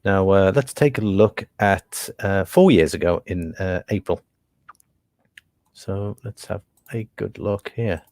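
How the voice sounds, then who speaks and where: A man's voice: sits low, slow pace, creaky, darkish tone, no room sound, studio quality. A British man hosting a casual livestream about metals prices, thinking aloud with many fillers and reading out viewer comments. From Britain. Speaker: livestream host.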